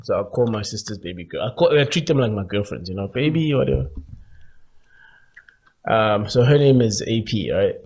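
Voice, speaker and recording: A man hosting a podcast, telling a story in casual chat, animated, laughing often and acting out voices. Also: fairly low pitch, normal speed, gravelly, pauses often, husky, highs cut off. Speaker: podcast host.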